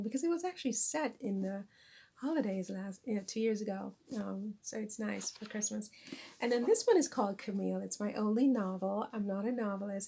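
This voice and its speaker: Woman vlogger, chatty and self-mocking, gravelly fry in the voice, mid-pitched. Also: a little hiss or hum. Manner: chatty, self-deprecating, laughs at herself. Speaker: vlogger and author. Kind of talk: casual chat to camera. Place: lives in France.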